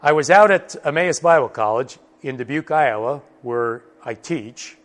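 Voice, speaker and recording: A man teaching a Bible study lesson, slow and emphatic, repeating key words for stress. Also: mid-range voice, expressive. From United States.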